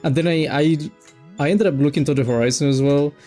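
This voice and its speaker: Guy streamer rambling through a story mid-game, keeps restarting sentences, soft music in the back. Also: on the high side, brisk. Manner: rambling, self-interrupting, animated retelling. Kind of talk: casual storytelling while gaming.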